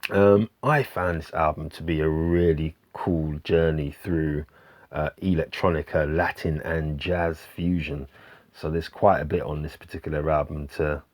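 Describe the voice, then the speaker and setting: A man with a very low, deep voice talks casually through his record collection as a channel host. He hesitates often, restarting sentences and filling gaps with ums, relaxed and unhurried. The sound is dry and close, with no room around it. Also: no echo. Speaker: vinyl album reviewer, channel host. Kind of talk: casual album review to camera.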